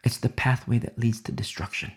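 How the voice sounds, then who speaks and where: A man preaching a sermon with fervent, dramatic delivery that swings from loud declarations to hushed whispers. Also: medium pitch, steady tone, fairly quick, breathy edge.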